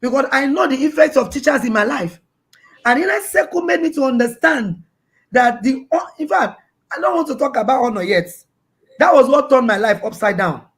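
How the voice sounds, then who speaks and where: Woman guest on a remote call, animated storyteller, stumbles and repeats words, plays her children's lines. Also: high voice, moderate pace. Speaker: guest parent. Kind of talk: casual storytelling interview. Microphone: video call.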